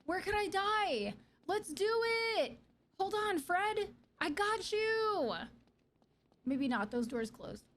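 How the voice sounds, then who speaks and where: A woman's voice: extremely high pitch, very animated, slow, a little hiss or hum. A woman streaming a game live, chatting to viewers and shrieking and swearing when things go wrong. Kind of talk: live gameplay commentary.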